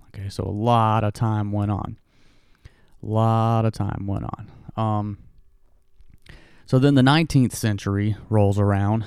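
A man talks through history in a loose, rambling way, stopping for jokey asides and plenty of ums. His voice sits low and smooth, and it sounds close and dry in a small room. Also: a little mellow, dry recording. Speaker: history talk host. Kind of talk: casual history monologue.

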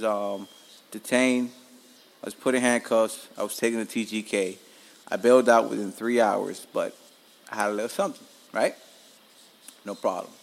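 A man in his forties with a Miami accent, hosting a podcast and telling stories in a rambling, profane, frank way. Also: lowish voice. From Miami, Florida. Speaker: podcast host. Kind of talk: casual storytelling monologue.

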